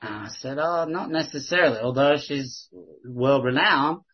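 A man's voice: mid-range voice, moderate pace, slightly rough, muffled recording. A man sharing earnest, rambling faith stories in casual chat, with frequent restarts. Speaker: Christian sharing witnessing stories.

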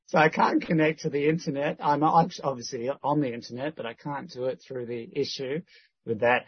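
A man's voice: medium pitch, breathy edge, no echo, highs cut off. A man talking casually through a rambling update that is full of restarts and quoted conversations. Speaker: church member giving a prayer update.

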